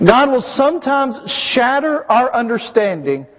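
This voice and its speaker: High-voiced pastor preaching in an echoing hall. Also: male voice, very animated, a little slow. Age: 30s. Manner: emphatic, asks the congregation questions. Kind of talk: sermon. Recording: dull audio with long hall reverb.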